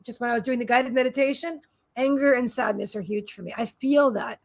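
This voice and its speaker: A woman's voice: on the high side, steady tone, brisk. A middle-aged woman, a psychic healer giving a live-streamed spiritual reading in a rambling, repetitive, soothing way.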